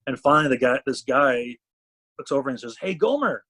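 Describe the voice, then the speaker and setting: A man from Canada, a talent management CEO, chatting as a podcast guest and telling animated stories where he acts out what people said. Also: medium pitch, a little fast. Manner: animated storyteller, acts out quotes. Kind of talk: casual storytelling chat.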